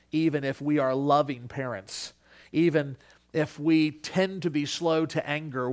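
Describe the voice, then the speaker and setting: A male pastor preaching a sermon, earnest, dropping to a hush and then rising to emphatic peaks, acting out the quoted voices. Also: on the high side.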